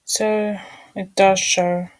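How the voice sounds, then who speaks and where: A woman's voice: medium pitch, flat delivery, extremely slow, dry recording, low-quality recording. A woman vlogging casually, talking through her screen, apologizing often and muttering irritated asides under her breath.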